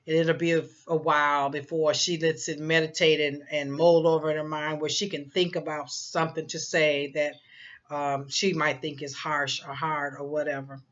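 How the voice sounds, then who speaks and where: Rambling psychic reader, bright voice, lo-fi. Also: mid-range voice, little pitch movement, moderate pace. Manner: rambling and emphatic, with many fillers and repeated phrases. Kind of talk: casual spoken reading and prediction.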